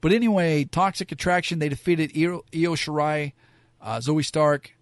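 A man's voice: on the high side, moderate pace, dry recording, clean studio sound. Rambling man sharing blunt opinions. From Southern California. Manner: rambling, frank, many fillers. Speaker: wrestling commentator. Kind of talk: casual opinion monologue.

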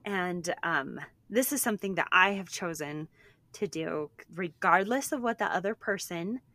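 A woman in her thirties co-hosting a podcast, chatting in a lively way, quick with restarts, a mother talking about her kids. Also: fairly low pitch, no echo. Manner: animated, talks fast with restarts. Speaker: podcast co-host. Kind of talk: casual chat.

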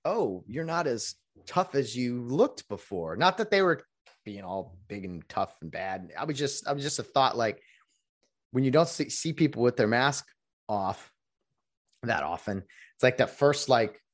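A man who works as a rideshare driver, talking casually in a rambling vlog monologue. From California. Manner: rambling, restarts often, lively pitch.

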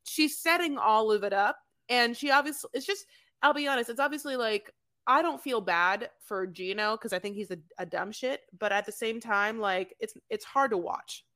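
A woman recaps a reality show on a podcast in loose, gossipy chat. Her voice sits a little high and rings bright. She swears freely and calls people "honey". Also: moderate pace. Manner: gossipy, profane, sprinkles in "honey". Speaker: podcast co-host.

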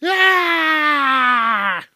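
A man voicing a feisty old male war veteran in a comedy sketch, boastful and shouting in a high strained voice. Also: a little slow, very noisy.

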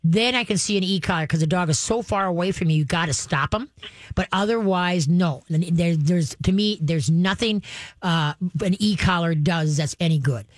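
A woman's voice: on the low side, normal speed, dry recording. A woman who hosts a call-in advice show as a dog trainer, talking in a folksy, emphatic way and using playful sayings.

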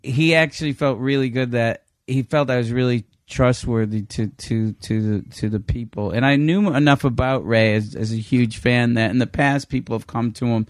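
A man in his fifties, a guest on a podcast, telling profane, animated anecdotes with lots of restarts. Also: medium pitch, normal speed, few pauses, dry recording, clean studio sound. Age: 50s. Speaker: podcast guest, film director.

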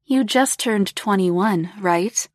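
A woman voicing a confident, teasing older woman who speaks in a slow, purring, coaxing way. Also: medium pitch, a little mellow, dry recording, studio quality.

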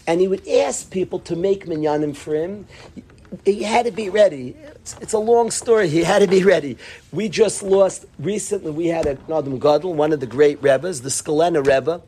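High-pitched male rabbi lecturing students, fervent and chiding, full of restarts; faint noise. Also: normal speed, warm tone. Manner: impassioned, scolding, repeats and restarts phrases. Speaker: yeshiva rabbi. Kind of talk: mussar talk to students.

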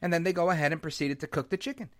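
A man hosting his own podcast, talking in an animated, opinionated way and dropping in Spanish words. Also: fairly high pitch, very fast. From United States. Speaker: podcast host. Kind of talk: solo podcast monologue. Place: New York.

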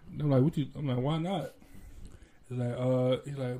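A man from Ohio telling stories in a casual chat, animated and laughing often as he acts out what people said. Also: medium pitch, fairly quick.

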